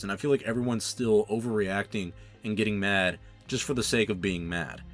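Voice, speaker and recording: Young man ranting on his channel. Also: lowish voice. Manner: exasperated, ranting, with sarcastic asides. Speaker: channel host. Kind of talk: opinion commentary vlog.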